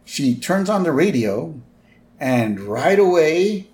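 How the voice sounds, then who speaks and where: Lively-voiced man recapping an episode. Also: fairly high pitch, slow pace. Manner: animated, acts out lines and sounds from the episode. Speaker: podcast co-host. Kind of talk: casual episode recap chat.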